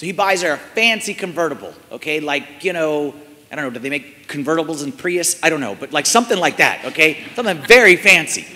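A man's voice: a little high, lively intonation, quick pace, pushed and bright, big-room sound. A man preaching a sermon in a church, asking the congregation many rhetorical questions and repeating phrases for emphasis.

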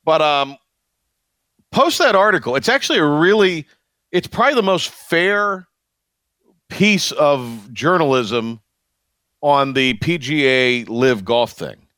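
A man's voice: on the high side, expressive, slow pace, long pauses, a bit bright, no room sound. Guy hosting sports talk radio, voice jumps all over, rambly and wry, dry studio mic. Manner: rambling, self-interrupting, wry asides. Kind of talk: casual sports talk chat. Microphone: studio microphone.

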